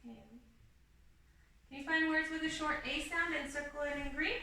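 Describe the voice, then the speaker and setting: A young woman with a high, very bright voice leads a kindergarten lesson in a patient, sing-song teacherly way. She sounds set back from the mic, and the room around her rings with strong echo. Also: normal speed, slight background noise. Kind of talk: video lesson for young children. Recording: echoey room, mic at a distance.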